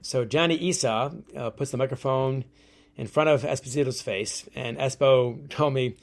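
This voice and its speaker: A man, an author interviewed as a guest, telling stories in a lively way and acting out quotes. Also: medium pitch, normal speed. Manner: lively storyteller who acts out quotes. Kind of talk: storytelling interview.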